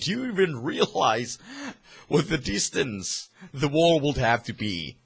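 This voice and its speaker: A man's voice: on the high side, sing-song, unhurried, vocal fry, breathy edge. A man from Finland with a Finnish accent, delivering a heated, profane political rant to camera with many restarts. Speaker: vlogger.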